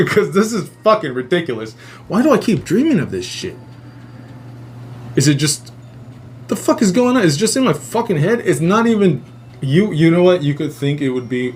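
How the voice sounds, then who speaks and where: A man's voice: on the high side, fairly quick, slight background noise. Profane man telling a dream story. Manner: profane, animated retelling with acted-out quotes. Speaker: podcast host. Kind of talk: casual storytelling.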